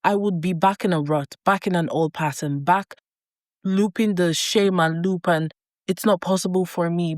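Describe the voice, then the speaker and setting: A life coach and vlogger gives an earnest motivational talk to camera, repeating herself for emphasis. Her voice is lowish, recorded in studio quality with no room sound.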